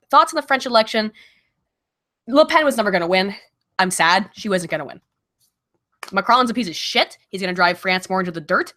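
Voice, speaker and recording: Brief: lively, blunt woman streamer, swears freely, laughs a lot, casual Q&A at home on a desk mic. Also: mid-range voice. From Virginia and Baltimore. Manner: blunt, profane, laughing often. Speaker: streamer answering viewer questions. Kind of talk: casual livestream Q&A.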